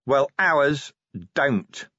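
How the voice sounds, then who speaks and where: A man voicing a blunt, stubborn male city watch commander in an audiobook, talking forcefully. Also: medium pitch, drawn-out words, no echo, highs cut off, pitched above the performer's own voice, heavily acted. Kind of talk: audiobook character voice.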